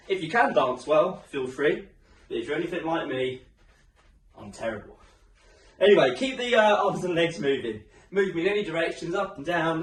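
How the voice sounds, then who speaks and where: A man coaches a home workout in a chatty, encouraging way, his voice rising and falling in a lively sweep. He sounds a little out of breath. He is recorded at some distance in an echoey room. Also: a little high. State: slightly out of breath. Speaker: fitness instructor.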